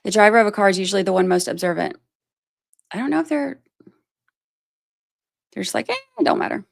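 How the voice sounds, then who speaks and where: This livestream host comments on a trial in a casual, rambling way, reading chat messages out loud. Her voice is medium in pitch with lively intonation and vocal fry, and she talks fairly quickly. She thinks aloud, makes self-deprecating remarks, and leans heavily on "like" and "you know."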